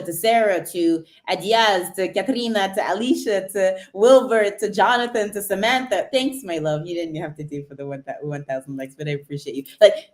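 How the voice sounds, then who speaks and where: A woman from Cambridge, England chatting on a motivational live stream and greeting viewers by name as she talks. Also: fairly low pitch.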